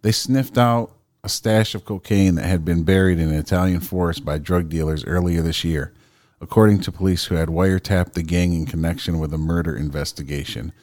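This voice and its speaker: A man's voice: sits low, fairly quick, a little mellow, no echo, studio quality. A man co-hosting a podcast in casual chat, swearing loosely, laughing a lot and reading news stories aloud. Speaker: podcast co-host.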